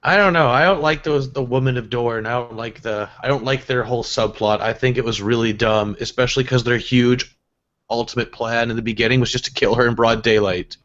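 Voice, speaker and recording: A man's voice: mid-range voice, steady tone, a little fast, a bit bright, highs cut off. A man in a casual livestream discussion, emphatic and critical, prone to exasperated rants.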